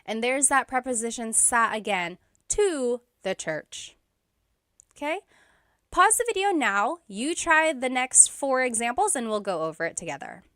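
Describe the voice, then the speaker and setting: Woman teaching a language online, slow careful explaining, dry close sound. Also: fairly high pitch, sing-song, a bit bright, no echo. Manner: slow, careful explaining with repeated example phrases.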